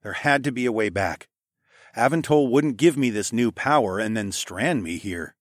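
A man's voice: mid-range voice, animated, moderate pace, no echo, studio quality. A man narrating an audiobook in the first person, telling the story expressively.

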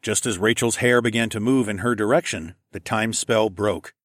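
Low-voiced man narrating a fantasy story. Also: moderate pace, fairly bright tone, no room sound, clean studio sound. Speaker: audiobook narrator. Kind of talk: first-person fantasy narration.

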